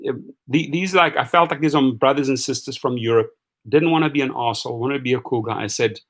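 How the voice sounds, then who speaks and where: A man hosting a live rideshare stream, ranting and telling stories in a mocking, animated way with casual profanity, speaking straight to his viewers. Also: mid-range voice, fast talker. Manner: animated, mocking, swings between shouting and muttering. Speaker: rideshare channel host.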